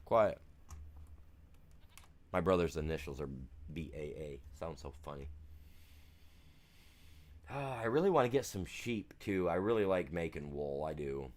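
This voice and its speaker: A man's voice: deep voice, expressive, measured pace, pauses often, a little mellow. A man streaming a farming game, chatting casually in a laid-back, rambling, slangy way. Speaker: gaming streamer. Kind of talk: casual chat while gaming.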